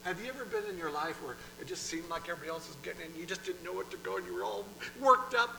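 A male pastor delivers a sermon in plain, conversational language, dropping to hushed tones and then pressing a point with emphasis. His voice sits fairly high for a man. A steady hum is audible behind him. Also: rapid-fire, creaky, few pauses, rough recording. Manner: conversational preaching, swings from hushed to emphatic, repeats words.

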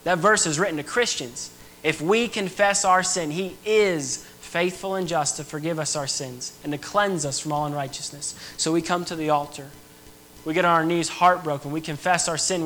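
A man's voice: fairly high pitch, a bit bright, slight background noise, poor audio. A young man preaching an earnest, emphatic sermon to a church. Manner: earnest, emphatic preaching with rising and falling intensity.

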